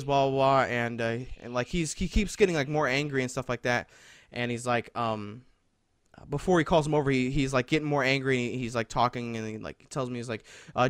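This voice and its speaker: A man's voice: mid-range voice, a little fast, clean tone, no room sound, clean studio sound. A young man hosting a podcast, telling a long story in a rambling, profane way with many fillers, getting heated as he goes. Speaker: podcast host. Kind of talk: casual storytelling chat.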